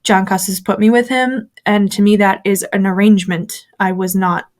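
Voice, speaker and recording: A woman's voice: medium pitch, fairly even intonation, normal speed. A woman recounting her years in a church as an interview guest, telling the story animatedly and acting out what others said. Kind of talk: personal testimony in conversation.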